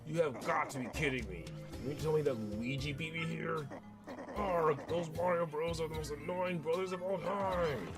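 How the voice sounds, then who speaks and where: A man's voice: on the high side, steady tone, normal speed, loud music behind the voice, close to an everyday voice. A man voicing a boastful, blustering villain king in a game. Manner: blustering and loud.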